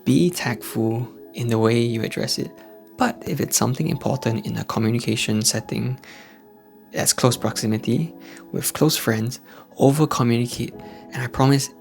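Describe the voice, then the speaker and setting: A man from Singapore with a Singaporean English accent, hosting a casual motivational vlog from home late at night and talking softly in a hushed indoor voice. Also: medium pitch, normal speed, vocal fry. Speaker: host of a faith-based channel for men. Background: faint background music.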